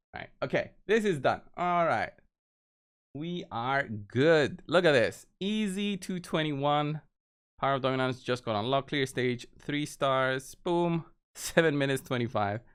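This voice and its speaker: A man's voice: on the high side, a bit bright, clean tone. A man giving casual gameplay commentary, walking viewers through each move step by step. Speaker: game video creator.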